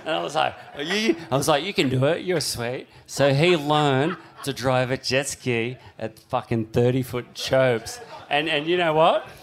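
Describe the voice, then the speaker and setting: A man with an Australian accent telling surf stories on a live stage, rambling and full of fillers, his voice jumping high when he acts out shouts. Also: normal speed, few pauses, slight background noise. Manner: excitable storyteller, voice climbs high acting out shouts. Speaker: surfboard shaper and guest.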